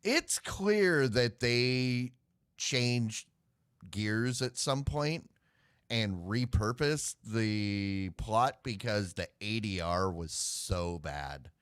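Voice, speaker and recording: A man's voice: lowish voice, lively intonation, extremely slow, a bit bright, clean tone, no room sound, clean studio sound. A man co-hosting a live web show, chatting casually and rambling with sighs and filler words. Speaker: podcast co-host. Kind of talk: casual chat.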